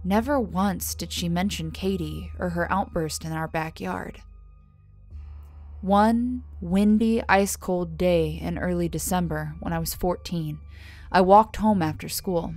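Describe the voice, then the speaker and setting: Woman narrating a horror story. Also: fairly low pitch. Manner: measured, softly dropping on tags. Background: soft music.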